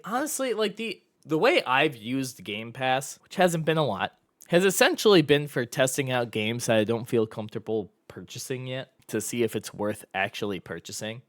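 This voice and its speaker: A man's voice: medium pitch, dry recording, clean studio sound. A man in his late twenties co-hosting a podcast, chatting casually with playful, mock-sarcastic asides. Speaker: podcast co-host. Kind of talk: casual chat.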